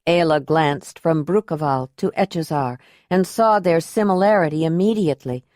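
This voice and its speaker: A woman narrating an audiobook in an even, unhurried storytelling manner. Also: low voice, no echo, studio quality.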